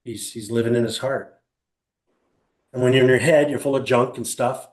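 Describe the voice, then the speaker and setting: Speaking at normal speed with medium pitch, an older man teaches a live motivational seminar in a small room, the audio roomy. He tells stories with animation, asks the audience questions, poses rhetorical ones, and impersonates other people.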